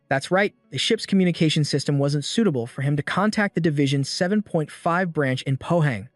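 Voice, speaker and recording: A man giving a steady scripted narration as the recap narrator of a comic story. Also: a little high, a little fast, few pauses, no room sound, soft background music.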